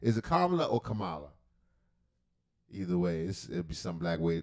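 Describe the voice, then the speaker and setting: A man's voice: on the low side, very animated, moderate pace, gravelly, darkish tone. A man hosting a livestream reaction, talking in a rambling, profane, joking way with lots of asides. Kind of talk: casual reaction commentary.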